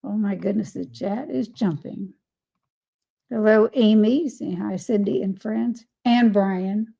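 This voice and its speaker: Slow, gravelly woman hosting a live chat. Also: medium pitch, dark tone. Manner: greets viewers by name and reads chat comments aloud, laughing often. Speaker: live stream host.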